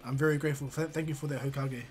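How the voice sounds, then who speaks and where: A man's voice: mid-range voice, fairly even intonation, racing, a little mellow, soft background music, natural voice. A man doing a humbled middle-aged builder. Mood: grateful.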